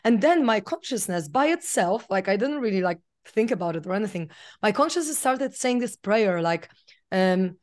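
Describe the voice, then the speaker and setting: A woman's voice: medium pitch, expressive, moderate pace. A woman, a podcast guest telling a personal story in a chatty way, full of fillers. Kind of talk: casual interview storytelling.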